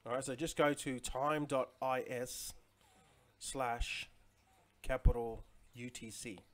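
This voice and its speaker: A man's voice: mid-range voice, fairly even intonation, slow pace. A man in his forties chatting casually on a livestream, rambling with lots of fillers and greeting viewers by name. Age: 40s. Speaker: crypto livestream host. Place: home in Chiang Mai.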